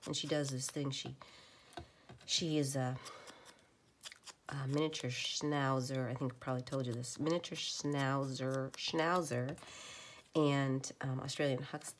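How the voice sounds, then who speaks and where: A woman chatting casually at her home craft table, rambling and often dropping into a soft whisper. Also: extremely low pitch, steady tone, unhurried, pauses often, slight background noise. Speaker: crafter making journal ephemera.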